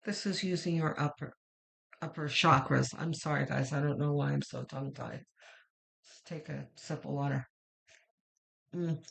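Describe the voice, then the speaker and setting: Woman, middle-aged, tarot reader, lowish voice, rambling casual talk. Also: fairly even intonation, normal speed, creaky, long pauses, fairly bright tone. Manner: chatty, meandering, with many fillers. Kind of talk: casual spoken tarot reading.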